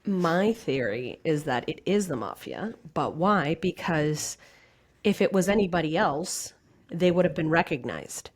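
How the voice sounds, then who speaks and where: A woman's voice: deep voice, expressive, unhurried. A young woman co-hosting a podcast, chatting in a blunt, slangy, joking way. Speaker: podcast co-host. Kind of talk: casual chat.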